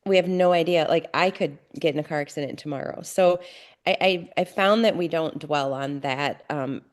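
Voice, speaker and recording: A middle-aged woman appears as a podcast guest and shares her family story candidly. She speaks earnestly but haltingly, restarting often, in a low voice.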